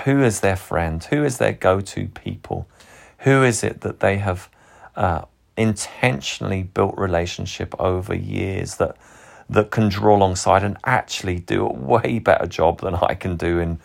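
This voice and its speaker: A man's voice: low voice, gravelly. A man, a pastor, giving an earnest, reflective sermon and often repeating words as he starts a thought.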